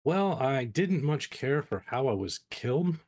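A man's voice: medium pitch, sing-song, measured pace, darkish tone. A man playing a tabletop game, speaking in a dry, hesitant way. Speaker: player. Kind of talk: casual tabletop game play.

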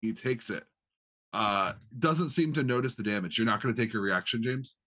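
A man's voice: mid-range voice, normal speed. A man running a tabletop game as game master, explaining rules and narrating the enemy's moves. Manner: animated, explains rules, voices reactions.

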